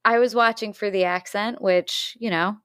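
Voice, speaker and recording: A woman's voice: mid-range voice, fairly even intonation, normal speed, a bit bright, smooth, dry recording, clean studio sound. A woman co-hosting a film review podcast, talking casually and thinking aloud. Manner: conversational, thinks aloud with fillers. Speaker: podcast co-host.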